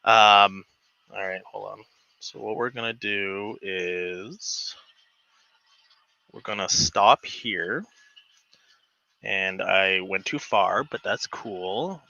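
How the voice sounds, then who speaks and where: A man hosting a casual home livestream, chatting and rambling with lots of fillers, excited and a bit giddy. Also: lowish voice, drawn-out words, creaky, long pauses, lo-fi sound. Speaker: livestream host. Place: home model railroad room.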